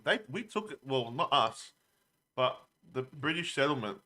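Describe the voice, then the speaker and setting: Bright-voiced man, earnest. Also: medium pitch, big pitch swings, moderate pace. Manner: earnest and hesitant, repeats words while forming his view. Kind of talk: casual podcast chat.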